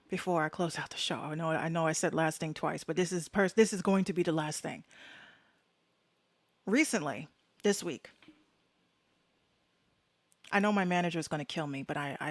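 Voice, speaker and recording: This podcast host has a low-sitting woman's voice, recorded with no room sound. Alone on the mic and casual, she gives heated, blunt opinions in slangy, frank language and swears a lot.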